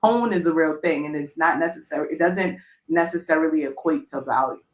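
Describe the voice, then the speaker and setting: A woman on a panel talk explaining her point in a measured, careful way. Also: low-pitched, poor audio.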